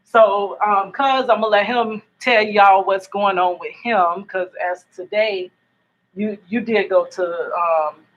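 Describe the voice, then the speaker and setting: A chatty woman vlogger talks to her viewers from home at night, wandering from thought to thought and laughing easily. Her voice sits at a middling pitch. It comes through a laptop's built-in mic, so the sound is dull and lo-fi. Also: fairly even intonation, takes it slowly. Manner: rambling, chatty, laughs often. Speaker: YouTube vlogger. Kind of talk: casual chat to camera.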